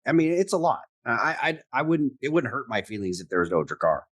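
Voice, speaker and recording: A man co-hosting a podcast in casual chat, relaxed as he explains details from the books. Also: mid-range voice, fast, no echo. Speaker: podcast co-host.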